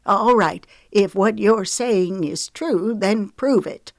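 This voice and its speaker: A woman's voice: mid-range voice, slow, no echo, clean studio sound, voice pushed up. A woman doing a stern older grandmother. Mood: suspicious. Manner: demanding, sharp, raised voice.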